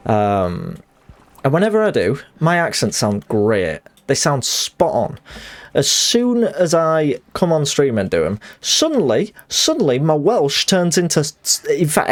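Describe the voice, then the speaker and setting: A young man chatting casually while streaming a game, rambling and laughing at himself. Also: medium pitch. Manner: rambling, self-deprecating, laughs often. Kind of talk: casual chat while gaming.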